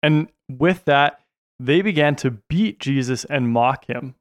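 A man co-presenting a Bible story, narrating events in a steady, plain manner. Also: mid-range voice, slow pace, no room sound, studio quality. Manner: steady, narrating, brief affirmations.

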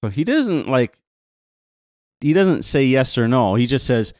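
A man's voice: mid-range voice, very animated, unhurried, darkish tone, no echo, studio quality. A man co-presenting a retelling of a Bible story, talking casually with emphatic asides and restarts.

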